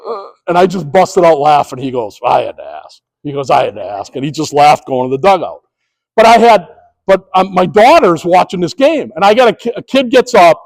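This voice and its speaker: Middle-aged male presenter, higher-pitched voice, storytelling delivery with acted-out umpire calls, speaking to a live room. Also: expressive, fairly quick, low-quality recording. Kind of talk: presentation to sports officials.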